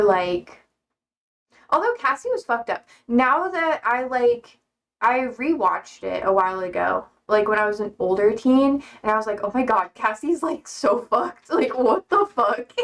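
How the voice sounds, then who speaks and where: A young American woman streaming, rambling casually with many fillers and swear words, jumping high in pitch when she quotes people. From United States. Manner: animated, jumps high for quoted voices. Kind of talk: casual chat with chat readers.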